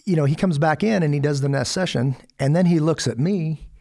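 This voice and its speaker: A man's voice: fairly high pitch, a little fast, creaky, dark tone. A middle-aged American man, a podcast guest, telling a story in casual chat. He acts out the quotes and laughs often. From United States.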